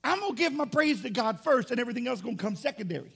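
A man preaching a sermon as pastor, emphatic and rising to shouts. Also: very high-pitched, big pitch swings, rapid-fire, creaky, breathy edge.

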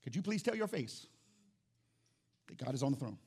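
A male pastor preaching an animated sermon in church, calling out to the congregation and acting out little scenes. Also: medium pitch, normal speed. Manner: animated, acts out quotes, calls out to congregation.

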